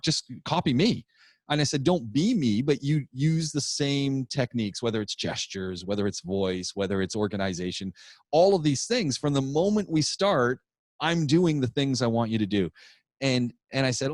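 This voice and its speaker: Animated storytelling man, dry sound. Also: mid-range voice, moderate pace, dry recording. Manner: animated, rambling storyteller with many restarts. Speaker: podcast co-host and public speaking teacher. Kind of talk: casual storytelling chat.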